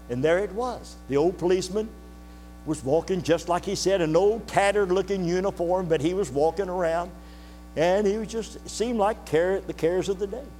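An older man preaching a sermon to his congregation, telling a story in a folksy, earnest way and pausing to ask the listeners questions. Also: sits high, a little mellow. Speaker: pastor. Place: church sanctuary. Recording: reverberant hall with faint mains hum.

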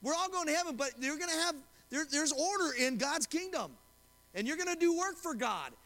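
A long reverb tail trails this male pastor's very high-pitched, bright, pushed delivery as he preaches in a church sanctuary. Speaking fairly quickly with lively intonation, he reads scripture, retells a story using quoted voices, and keeps asking the congregation questions.

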